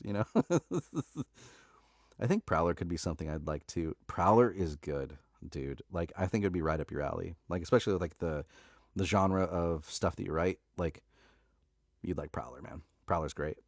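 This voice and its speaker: A man's voice: low voice, creaky, darkish tone, dry recording, studio quality. A man who narrates audiobooks, chatting casually on a live stream in a laid-back way, with lots of filler words and easy laughs.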